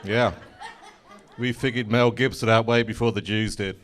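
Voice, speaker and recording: Dry English comedian, lowish voice. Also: male voice, fairly even intonation, normal speed, background noise. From England. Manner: dry, mock-indignant punchlines. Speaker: stand-up comedian. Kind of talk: stand-up comedy.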